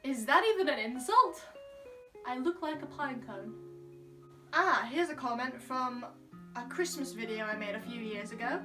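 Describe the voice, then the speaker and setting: A woman's voice: fairly high pitch, moderate pace, pushed and bright, distant mic. A young woman from Scotland reading comments aloud in a casual vlog, answering each with sassy, playful retorts. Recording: from the mic, music behind. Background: background music.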